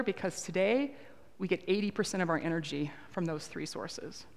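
Earnest woman speaking in a reverberant hall. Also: mid-range voice. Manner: earnest, conversational, with frequent ums. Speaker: lay speaker at a church service. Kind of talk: earnest talk to a congregation. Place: church sanctuary. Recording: long reverb of a large hall.

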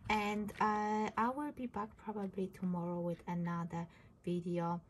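A woman's voice: mid-range voice, little pitch movement, moderate pace, slight background noise. A woman hosting her craft channel, chatting casually and gushing about a handmade card she received. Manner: gushing, repeats "I love". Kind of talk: casual chat opening mail.

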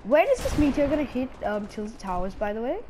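A woman's voice: a little high, sing-song, brisk, noisy background. A woman giving frantic live gameplay commentary as a gaming channel host, repeating her pleas again and again. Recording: loud game gunfire under the voice. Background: gunshots and game sound effects.

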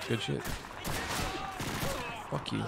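A man giving crude, jokey commentary while playing a war game. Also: extremely slow. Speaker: gamer. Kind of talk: casual gameplay commentary. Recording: gunfire noise from game.

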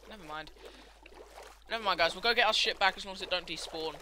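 Playing a game, this young man comments offhandedly in a high, rapid voice, cursing constantly and ranting with sudden excited bursts. There is slight background noise.

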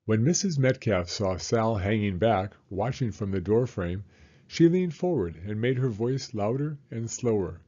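Male storyteller for kids, mellow husky voice, lively read-aloud, dull lo-fi home recording. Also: fairly low pitch, unhurried. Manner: expressive, animated narration. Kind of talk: children's book read-aloud.

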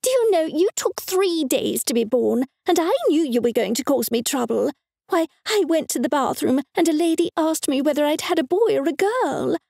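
Shrill pious older mother, high and scolding, gravelly edge, voiced by a woman narrator. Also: animated, normal speed, mellow, no room sound, clean studio sound. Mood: indignant. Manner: shrill, indignant.

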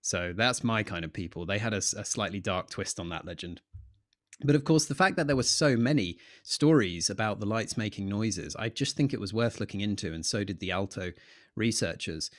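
A man's voice: lowish voice, brisk, dry recording, clean studio sound. A man, an astronomer taking questions in a live Q&A, explaining with enthusiasm and telling stories with frequent fillers. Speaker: astronomer guest. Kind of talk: explanatory Q&A chat.

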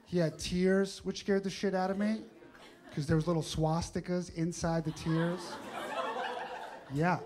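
High-voiced stand-up man over a crowd. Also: little pitch movement, a little slow, long pauses, a little mellow. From New York. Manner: wry, storytelling, acts out other people's questions. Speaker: stand-up comedian. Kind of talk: stand-up comedy set. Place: comedy club stage. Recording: live club with crowd.

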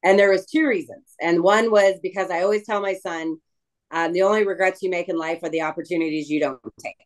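A middle-aged woman being interviewed about returning to wrestling, talking emotionally with frequent restarts and pauses. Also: lowish voice, steady tone, poor audio. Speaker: guest wrestler. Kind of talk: casual interview chat.

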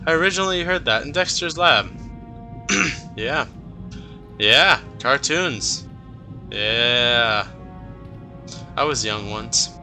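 A nineteen-year-old man narrating his gameplay in an unhurried, goofy way. His voice is bright and sits a little high, and faint music plays under it. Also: expressive. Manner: goofy, talks to himself, cheers and groans. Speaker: let's play gamer. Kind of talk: casual gameplay commentary.

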